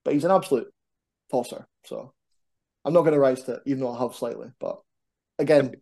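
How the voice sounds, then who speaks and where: A man, a wrestler, chatting casually as a podcast guest in an animated, rambling, self-deprecating way. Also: mid-range voice, fairly quick, creaky. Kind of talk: casual chat.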